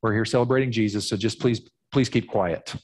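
A man's voice: fairly low pitch, fairly even intonation, a little fast, darkish tone, voice pushed down, natural voice. A man voicing a stern crowd that shushes and scolds a beggar in a condescending tone. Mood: scolding. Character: stern hushing crowd of townsmen.

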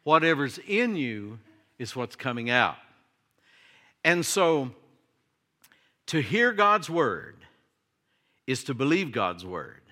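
A man's voice: mid-range voice, big pitch swings, slow, long pauses, pushed and bright. A middle-aged man preaching a sermon to his congregation in a conversational way, full of questions and light humor. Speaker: pastor.

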